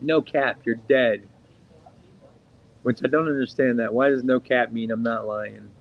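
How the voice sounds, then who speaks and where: A man's voice: medium pitch, fairly even intonation, unhurried, creaky, muffled recording. A middle-aged man co-hosting a casual podcast, rambling and profane, with lots of "like" fillers. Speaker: podcast co-host.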